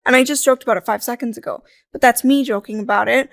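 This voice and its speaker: A woman talking as a podcast guest in a casual, chatty way, full of "like" fillers and quick laughs. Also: on the high side, vocal fry, a bit bright, no room sound, studio quality. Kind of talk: casual conversational interview.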